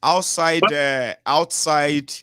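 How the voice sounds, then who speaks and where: A man's voice: fairly high pitch, extremely slow, bright, forceful tone, clear, resonant tone, no echo. Nigerian man hosting a call-in show. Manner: conversational, with fillers and asides. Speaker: host. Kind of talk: phone-in talk show.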